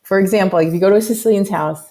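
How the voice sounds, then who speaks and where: A woman's voice: mid-range voice, racing, warm tone. A woman, a musician guest chatting on a podcast and explaining things at length with lots of asides. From United States. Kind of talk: casual podcast interview.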